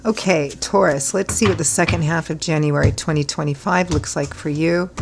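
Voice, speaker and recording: A hoarse woman from Ireland giving a chatty tarot reading, rambling with fillers and clearing her throat often. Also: sits low, noisy background. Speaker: tarot reader. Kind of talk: casual tarot reading talk.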